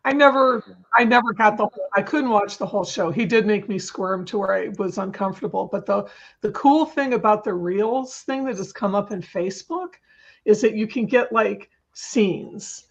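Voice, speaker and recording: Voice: medium pitch, moderate pace, gravelly, dull audio. A panelist chatting in a rambling, self-deprecating way. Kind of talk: casual panel chat.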